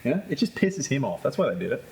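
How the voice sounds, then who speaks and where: Male co-host; rapid-fire deadpan quips in loose banter. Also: medium pitch, creaky, slight background noise. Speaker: podcast co-host. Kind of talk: joking banter.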